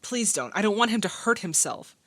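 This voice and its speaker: A woman hosting a movie reaction video, excitable and laughing, talking back to the screen in casual commentary. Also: mid-range voice, fairly quick.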